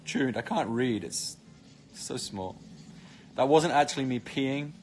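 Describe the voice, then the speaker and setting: A man's voice: mid-range voice, animated, a little slow, a little hiss or hum. A British man chatting casually on a live stream, reading comments with cheeky, joking banter. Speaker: actor streaming live to fans.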